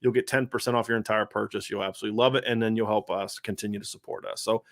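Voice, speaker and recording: A man's voice: fairly low pitch, fairly even intonation, very fast. A man hosting a sports talk podcast, chatting casually and rambling with lots of filler words. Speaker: podcast host.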